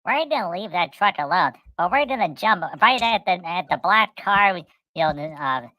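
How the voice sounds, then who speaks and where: A woman's voice: on the low side, animated, moderate pace, no room sound, muffled recording, close to an everyday voice. Woman doing a scheming mischievous deer. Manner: plotting, playful.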